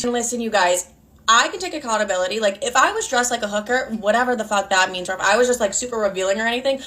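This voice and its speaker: A woman in her twenties telling a storytime casually, outspoken and animated, swearing often and acting out what people said. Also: fairly high pitch, quick pace. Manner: outspoken, animated, frequent swearing, acts out quotes.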